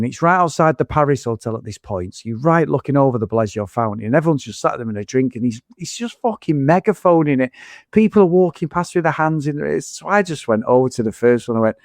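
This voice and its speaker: A man's voice: medium pitch, a little mellow, no room sound, clean studio sound. Sweary man telling a story. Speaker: podcast co-host. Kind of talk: casual chat, anecdote.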